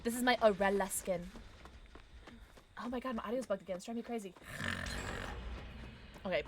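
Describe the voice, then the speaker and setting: A young woman streaming a game, chatting with viewers casually, jumpy and excitable, swearing and shrieking when scared. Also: mid-range voice, noisy background. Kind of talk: casual gaming livestream chat.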